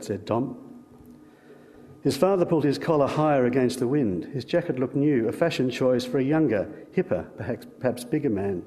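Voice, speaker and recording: A man with an Australian accent reading a short story aloud in a measured, dry manner. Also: medium pitch, animated, dark tone, big-room sound. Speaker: reader.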